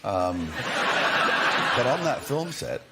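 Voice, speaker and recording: A man guest on a TV talk show, telling relaxed anecdotes with lots of "you know" and chuckles. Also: medium pitch, takes it slowly, vocal fry, very noisy. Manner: laid-back storyteller, chuckling, full of you-knows. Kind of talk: casual chat, anecdotes. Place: TV studio with audience.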